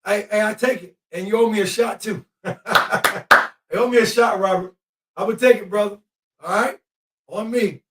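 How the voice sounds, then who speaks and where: A male host giving excitable live commentary while watching a game, often shouting at the refs and players. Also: high voice, normal speed, pauses often. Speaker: podcast host. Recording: echoey room, mic at a distance.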